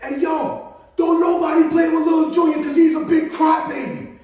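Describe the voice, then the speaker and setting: A man's voice: extremely high pitch, fairly quick, soft background music, pitched above the performer's own voice. A man doing a taunting playground boy. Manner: taunting, street slang. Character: boy on playground, mocking and defiant. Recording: very echoey room, mic far off.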